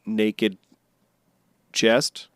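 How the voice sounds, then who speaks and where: A man's voice: fairly low pitch, level tone, extremely slow, a bit bright, clean tone, dry recording. A man co-hosting a podcast in casual chat, jokey and rambling. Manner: jokey, rambling, bursts into silly honking bits. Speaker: podcast co-host.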